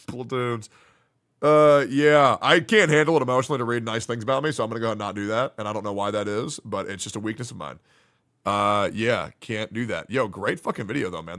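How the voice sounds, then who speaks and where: A male streamer chats casually on a live reaction stream, joking and swearing as he reads viewer comments aloud. His voice sits at a middling pitch with a bright, forceful edge. He swings from loud hype to low, mumbled asides. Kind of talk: casual livestream reaction chat.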